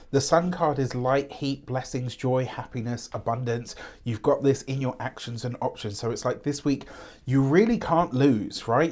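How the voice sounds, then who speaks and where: Man, mid-pitched voice, tarot host who chats loosely with lots of asides. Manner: warm, rambling, fond of fillers and asides. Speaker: tarot reader. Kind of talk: chatty tarot reading to camera.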